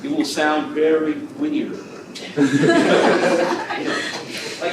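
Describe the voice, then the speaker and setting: Man teaching a master class, animated and high-pitched, heard from a distant mic in a booming hall. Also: measured pace. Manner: animated, playful, asks the room if they understand. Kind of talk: lively teaching talk to students. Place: lecture hall. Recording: distant mic in a very echoey hall with background noise.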